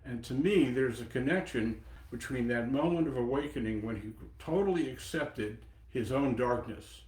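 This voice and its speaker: A man in his seventies giving a dharma talk as a Buddhist teacher, reflective, pausing and personal. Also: mid-range voice, darkish tone. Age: 70s. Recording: echoey meeting room.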